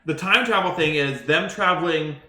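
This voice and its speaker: A man's voice: a little high, bright, forceful tone. A young Canadian man with a Canadian accent, co-hosting a casual podcast chat, rambling with lots of restarts. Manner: rambling, quick, full of restarts. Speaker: podcast co-host. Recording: echoey room.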